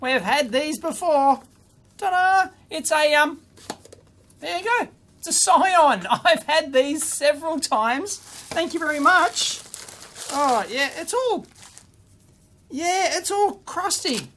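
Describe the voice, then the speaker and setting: A man with an Australian accent hosting an electronics video, opening his mail in an excitable, chatty way with quick exclamations. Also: extremely high pitch, a little hiss or hum. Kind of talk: casual hands-on mailbag unboxing.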